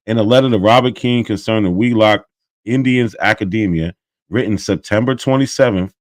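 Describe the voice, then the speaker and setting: A man's voice: fairly low pitch, a little fast, no echo. A middle-aged man reading from historical documents and arguing his point in an online debate. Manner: reads historical quotes aloud, then argues. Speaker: livestream debater.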